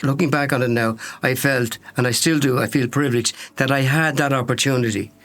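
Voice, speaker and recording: A man's voice: mid-range voice, steady tone, brisk, a bit bright. A man, a former radio presenter, speaking thoughtfully and sincerely about his past. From Ireland.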